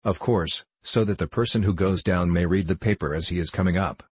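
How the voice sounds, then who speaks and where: An anxious old nobleman frets over a mishap, voiced by a man reading a novel aloud. His speech is agitated and pleading in a deep, husky voice. The sound is dry and close to the mic. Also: fairly quick, dry recording. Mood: fretful. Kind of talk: audiobook reading.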